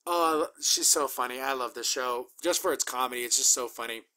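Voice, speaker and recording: A man casually recapping and reacting to a cartoon episode, chatty and upbeat, acting out quick character quotes. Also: medium pitch, pushed and bright, faint music behind. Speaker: show reviewer.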